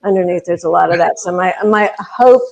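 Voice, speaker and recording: A woman who leads a pageant organization, chatting on a video panel in a halting way, often laughing and thanking people. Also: fairly low pitch, gravelly. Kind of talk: casual video panel chat.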